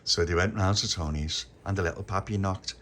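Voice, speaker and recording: A man's voice: low-pitched, fairly quick, slight background noise. A man telling an improvised children's story in a chatty, rambling way. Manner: animated, rambling, many restarts.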